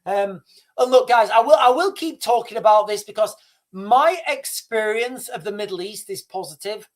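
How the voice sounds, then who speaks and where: A British livestream host with a high-pitched voice talks at normal speed in a loose, rambling monologue. He circles back, restarts his sentences and lets out a chuckle at his own expense.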